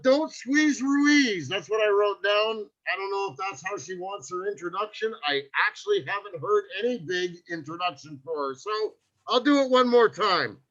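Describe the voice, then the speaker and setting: A man's voice: high-pitched, moderate pace, pushed and bright, dull audio. A man hosting a comedy show, bantering playfully with the performers. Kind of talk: casual banter.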